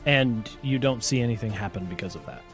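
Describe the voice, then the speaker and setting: A man narrating as game master of a tabletop game, talking in a relaxed, hesitant way with many fillers. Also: lowish voice, fairly quick, faint music behind.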